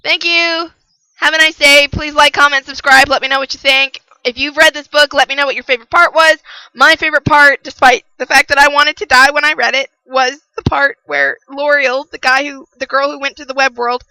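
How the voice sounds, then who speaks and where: A young woman giving a casual spoken book review, passionate and ranting, who repeats herself for emphasis and yells about parents. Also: high-pitched, little pitch movement, fairly quick, no room sound, poor audio.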